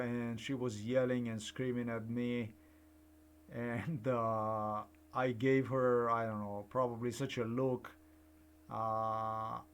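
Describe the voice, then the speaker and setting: A man's voice: mid-range voice, clean tone. An older man, giving rambling personal commentary that repeats and digresses. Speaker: vlogger.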